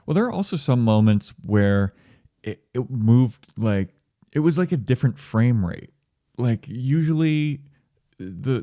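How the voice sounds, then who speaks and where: A laid-back man co-hosting a casual movie podcast, drily sarcastic and quick to swear. His voice is low and mellow. The sound is close and dry. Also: no echo. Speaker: podcast co-host. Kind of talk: casual film review chat.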